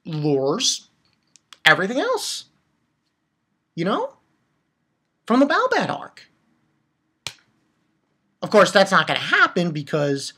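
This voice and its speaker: A woman with a mid-range, slightly bright, slightly rough voice reviews a manga chapter. Her heated, profane rant is blunt, and she repeats her points for emphasis.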